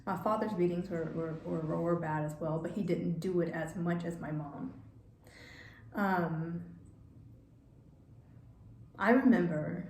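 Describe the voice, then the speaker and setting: A woman's voice: lowish voice, darkish tone. Hesitant woman recounting her past, echoey room. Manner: halting, hesitant, many restarts. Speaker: vlogger. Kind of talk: personal storytelling vlog. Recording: echoey room, faint background noise.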